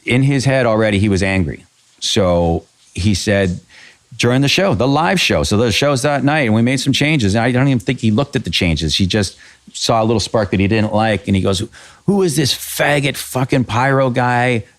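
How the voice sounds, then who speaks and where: A man's voice: fairly low pitch, normal speed. A middle-aged man from Canada, a podcast guest, telling blunt, profane backstage stories in a casual way. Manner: blunt, profane, animated anecdotes. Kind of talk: casual storytelling.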